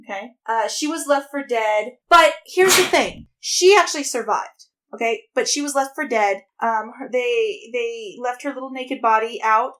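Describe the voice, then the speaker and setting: High-ish woman chatting on a podcast, animated, swears a lot, quick banter. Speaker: podcast co-host. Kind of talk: casual chat.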